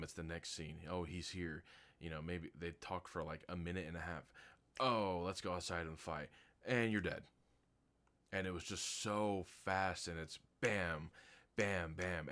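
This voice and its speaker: A man's voice: low voice, a bit bright. A man reviewing a movie in a casual, chatty way. He talks bluntly, pads his sentences with "like" and "um", and is easily amused. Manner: loose and chatty, full of "like" and "um".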